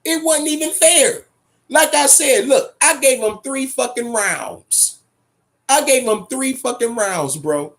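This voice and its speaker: A man's voice: extremely high pitch, animated, slow pace, creaky, fairly bright tone. A man hosting a boxing talk show, giving profane, emphatic commentary and repeating his points. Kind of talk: casual boxing commentary rant.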